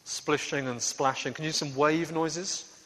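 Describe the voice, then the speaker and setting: A man leading a lively, interactive Bible story for a congregation, coaxing the crowd into sound effects. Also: on the high side, a little slow. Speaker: preacher leading a children's talk. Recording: echoey hall with faint ambience.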